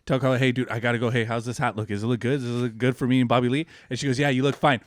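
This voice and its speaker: A man co-hosting a podcast, telling an animated, profane story in casual chat. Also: mid-range voice, racing. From California. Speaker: podcast co-host.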